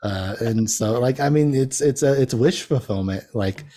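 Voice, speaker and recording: A man's voice: medium pitch, moderate pace, warm tone. A man as a podcast guest, chatting casually in a rambling way and laughing often at himself. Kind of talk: casual chat.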